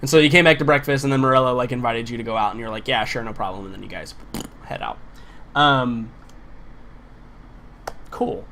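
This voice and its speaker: A man running a tabletop role-playing game, describing scenes in a rambling, filler-heavy way. His voice sits at a middle pitch. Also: a little fast, pauses often, pushed and bright, slight background noise. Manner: loose, filler-heavy narration. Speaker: game master.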